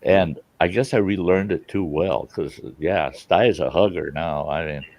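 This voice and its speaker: A man's voice: sits low, unhurried, a little mellow, no echo. A middle-aged man hosting a casual chat, talking earnestly and from the heart. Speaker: channel host.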